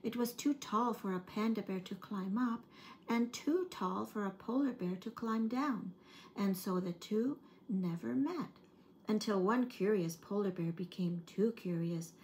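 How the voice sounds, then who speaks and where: A woman working as an early-years storyteller, reading a picture book aloud in a gentle, expressive way. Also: medium pitch, a little slow, a little hiss or hum.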